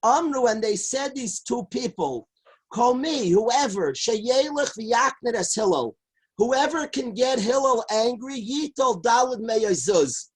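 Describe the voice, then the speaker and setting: A man, a rabbi, telling a Talmud story as a lively lecture. He quotes each line in Hebrew and Aramaic and then translates it. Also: very high-pitched, slow pace, breathy edge, low-quality recording. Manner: lively storyteller who shouts out the characters' lines. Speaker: rabbi teaching a Talmud class. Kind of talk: animated Torah lecture storytelling.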